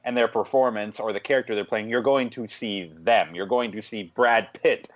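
A man guesting on a podcast, chatting in a relaxed, good-humored way. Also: on the low side, moderate pace, highs cut off. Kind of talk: casual chat.

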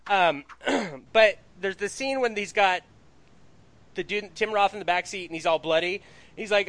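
A man's voice: high-pitched, lively intonation, normal speed, sharp tone. A man hosting a comedy podcast, rambling and joking in casual chat. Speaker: podcast host.

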